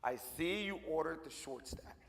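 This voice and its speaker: A man playing a deadpan male waiter who cracks a joke, speaking dry and low-key. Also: normal speed, long reverb tail, slight background noise.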